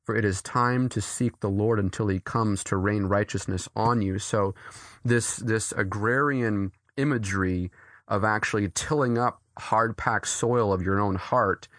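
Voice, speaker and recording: A man from New England, an author and pastor, talking earnestly as an interview guest, with quick restarts and frequent laughs. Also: lowish voice, fairly even intonation, a bit bright, no echo, studio quality.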